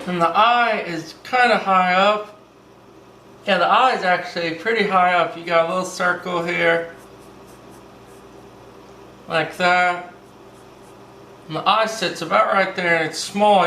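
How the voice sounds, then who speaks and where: A man's voice: sits high, fairly even intonation, unhurried, long pauses, pushed and bright, roomy sound, a little hiss or hum, poor audio. A man hosting a casual step-by-step drawing lesson, upbeat and playful, tossing in "baby" and little sung bits. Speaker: drawing tutorial host.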